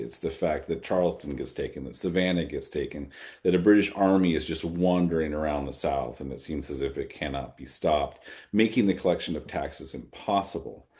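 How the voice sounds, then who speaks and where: Low-voiced man explaining at length. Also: darkish tone. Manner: thinks aloud, repeats phrases for emphasis. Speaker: author answering audience questions. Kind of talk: conversational Q&A at a fireside chat.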